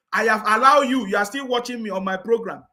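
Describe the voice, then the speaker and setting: A man with a high, bright, forceful voice rants about politics online at a moderate pace. The commentary is scornful and insistent, with mocking laughs and repeated questions to his viewers.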